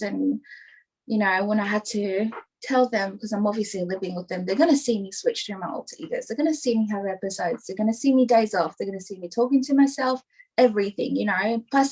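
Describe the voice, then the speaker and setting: A young adult woman appears as a podcast guest in a casual interview, speaking openly and rambling with plenty of "like" and "you know." Her voice is mid-range, and the recording is rough.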